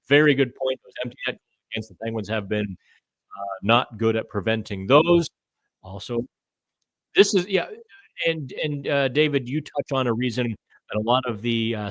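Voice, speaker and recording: A middle-aged man hosting a live hockey chat, answering viewer comments in a loose, thinking-out-loud way and stumbling over names now and then. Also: medium pitch, no echo. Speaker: hockey podcast host.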